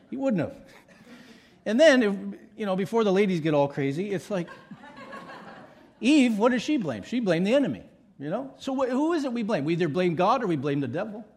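A man's voice: high voice, sing-song, normal speed, pauses often, darkish tone, a little hiss or hum. A middle-aged male pastor preaching a sermon with emphatic repetition and playful asides.

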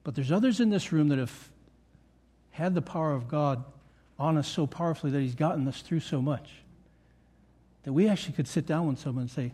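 A man's voice: on the high side, lively intonation, brisk, dark tone, slightly rough. An older man preaching a sermon to his church, earnest and repeating key phrases for emphasis. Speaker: pastor. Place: church meeting room.

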